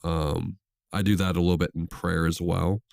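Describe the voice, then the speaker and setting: Deep-voiced reflective male co-host. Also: little pitch movement, moderate pace, gravelly, darkish tone, dry recording, clean studio sound. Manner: reflective, loose and hesitant with fillers. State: under the weather. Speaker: podcast co-host. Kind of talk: casual podcast chat.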